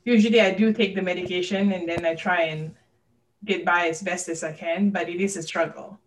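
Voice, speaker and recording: A woman's voice: fairly low pitch, steady tone, a little fast, distant mic, low-quality recording. A woman talking candidly and earnestly as a podcast guest, open about her personal struggles.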